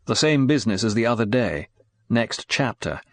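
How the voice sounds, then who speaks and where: A man's voice: medium pitch, animated, normal speed, natural voice. A man reading an audiobook, voicing a weary, battered British secret agent who speaks in a tired, understated way.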